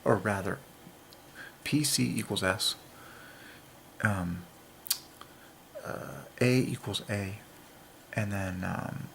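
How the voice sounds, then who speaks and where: A man hosting a religious monologue, excitedly working through letter counts and dropping into whispers to stress a point. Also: on the low side, slow pace, creaky, long pauses, a little hiss or hum. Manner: excitable, drops into whispers for emphasis. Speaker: channel host.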